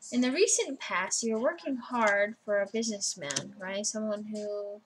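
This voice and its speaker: A woman's voice: medium pitch, normal speed, low-quality recording. A woman giving a personal tarot reading in a casual, blunt way, swearing freely as she goes through the cards. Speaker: tarot reader.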